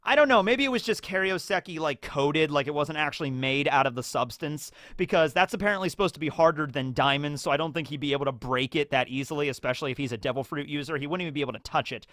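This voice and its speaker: A man's voice: fairly high pitch, quick pace, hardly any pauses, dry recording, clean studio sound. A man hosting a casual discussion show, talking chattily with lots of fillers and acting out scenes. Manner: animated, acts out scenes in character voices. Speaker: YouTube host.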